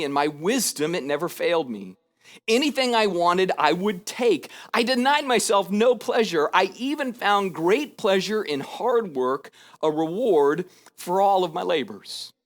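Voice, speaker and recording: A man preaching a sermon as a pastor, in a conversational way that acts out scripture in lively paraphrase, with frequent rhetorical asides. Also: on the high side.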